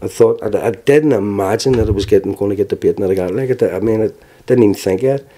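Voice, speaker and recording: A man in his forties with a Belfast accent, giving frank personal testimony in an interview, telling it plainly with halting restarts. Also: on the low side, warm tone. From Northern Ireland.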